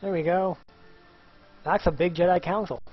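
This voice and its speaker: A man's voice: high-pitched, steady tone, normal speed, lo-fi sound, faint music behind. A man casually commenting on a game he plays, joking and chanting little repeated words. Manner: playful, jokey, sings little chants. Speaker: gameplay commentator. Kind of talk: casual let's-play commentary.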